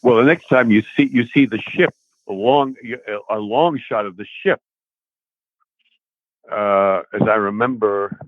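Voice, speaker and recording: A man's voice: fairly low pitch, unhurried, long pauses, dry recording, highs cut off. Older man reminiscing with hesitant restarts. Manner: hesitant, full of restarts and ums. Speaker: guest actor. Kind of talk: interview recollection.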